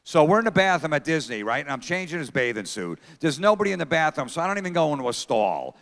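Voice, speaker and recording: A man's voice: fairly high pitch, big pitch swings, fast talker, gravelly, a bit bright. A middle-aged man doing stand-up comedy on a theater stage, telling brash, profane stories and talking to the crowd. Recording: long theater reverb.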